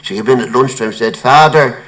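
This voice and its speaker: A man telling stand-up jokes in a lilting storytelling way, with quick punchlines and a chuckle now and then. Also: mid-range voice, lively intonation, a bit bright, low-quality recording. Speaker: comedian. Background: audience laughter.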